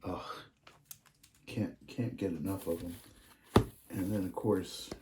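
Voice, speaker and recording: A man showing off his model trains in a casual vlog, gushing with excitement and dropping into hushed asides. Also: low voice, slow pace, very noisy.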